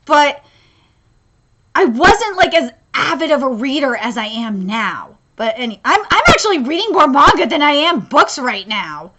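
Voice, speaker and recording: A woman's voice: high-pitched, sing-song, normal speed, dull audio, noisy background. A woman doing a casual live manga reaction, rambling and stammering, interrupting herself and swearing freely.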